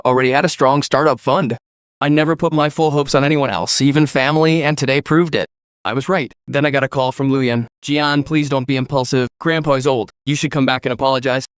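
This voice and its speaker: A man's voice: medium pitch, no echo. A man narrating a first-person story recap, reading every character's lines in his own voice.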